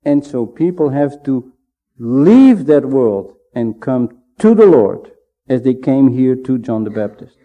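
A man giving a measured, emphatic Bible teaching sermon, pausing often to stress his points. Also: mid-range voice, very animated. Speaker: preacher. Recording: dull lo-fi sound.

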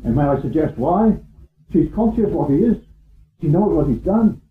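A man's voice: a little high, animated, moderate pace. A man preaching a sermon in an earnest way, often repeating phrases and asking rhetorical questions. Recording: tinny phone-like sound in an echoey hall.

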